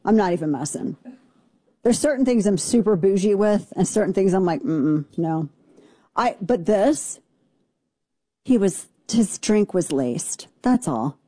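A woman's voice: mid-range voice, animated, a little slow, dark tone, no echo. A woman hosting a talk radio show, ranting in a brash, sarcastic, mocking way. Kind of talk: opinionated talk radio rant.

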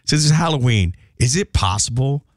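A man's voice: mid-range voice, lively intonation, moderate pace, no echo, studio quality. A man hosting a morning radio show, chatting playfully and rambling through odd questions. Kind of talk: casual radio banter.

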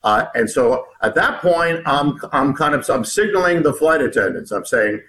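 Halting man telling an intense story. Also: fairly high pitch, animated, fairly bright tone, poor audio. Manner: halting, many restarts and repeated words. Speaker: author guest. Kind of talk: recounting a personal story in an interview.

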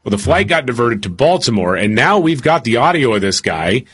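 A man's voice: medium pitch, big pitch swings, a little fast, fairly bright tone, husky. A man co-hosting a casual talk show, telling stories in a chatty, self-deprecating way. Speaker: co-host. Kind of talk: casual chat.

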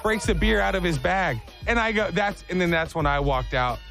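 A man casually telling a funny story, animated and acting out voices in the quotes. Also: sits high, moderate pace, vocal fry, soft background music.

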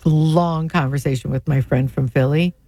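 A woman co-hosting a casual chat, telling stories in an animated, opinionated way. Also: low-pitched, moderate pace, no room sound. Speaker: co-host.

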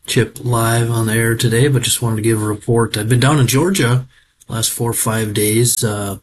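A middle-aged man, giving a casual, folksy spoken report as a farm equipment auction reporter, rambling with many filler pauses. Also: medium pitch, steady tone, a little hiss or hum. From Minnesota.

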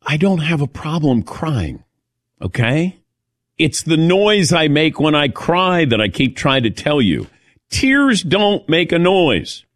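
A middle-aged man hosting a casual sports talk show, animated and self-mocking as he calls on his co-hosts by name. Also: fairly high pitch, slow pace, no echo, clean studio sound. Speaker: radio show host.

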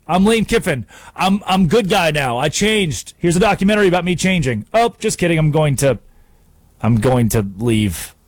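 A man mocking a smug coach, lowered drawl. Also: animated, moderate pace, no room sound.

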